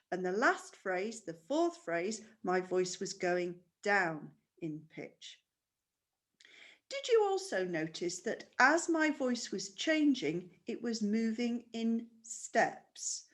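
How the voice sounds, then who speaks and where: Patient woman teaching a music lesson. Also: fairly high pitch. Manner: patient, explaining step by step with questions. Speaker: primary school music teacher. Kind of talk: recorded online music lesson.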